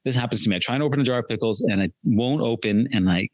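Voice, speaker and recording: A man's voice: mid-range voice, racing, dry recording, dull audio. A man talking as a podcast guest in casual interview chat, earnest and reflective, laughing at his own slips.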